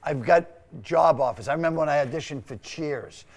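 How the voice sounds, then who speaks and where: A comedian in his sixties with a Boston accent, telling stories in a loud, animated way as a guest on a TV studio chat. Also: on the high side, brisk. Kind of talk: casual chat.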